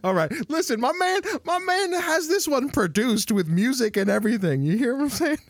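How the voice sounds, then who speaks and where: Animated, high-voiced man chatting and laughing. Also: a little fast, a little hiss or hum. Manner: animated, laughing, many restarts and fillers. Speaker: podcast co-host. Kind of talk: casual chat.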